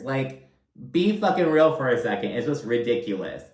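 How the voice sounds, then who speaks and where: A man's voice: medium pitch, big pitch swings, normal speed, a little mellow, echoey room, poor audio. A man giving a casual recap of a reality TV episode, blunt, profane and sarcastic in his asides.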